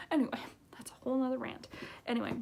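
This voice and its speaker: Woman in her late 20s, high voice with lots of fry, rambly and emotional, drops into whispery asides. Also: sing-song, fast talker, a little mellow. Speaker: book reviewer. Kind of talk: casual vlog book review.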